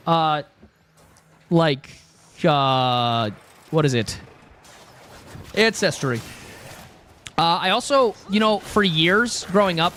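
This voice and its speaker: A young man with a high, light voice chats loosely with his stream audience, wandering from joke to joke. He talks in an offhand, rambling way, often stopping to restart his thoughts. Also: fairly bright tone. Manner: rambling, joking, talks to chat. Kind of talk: casual live-stream chat.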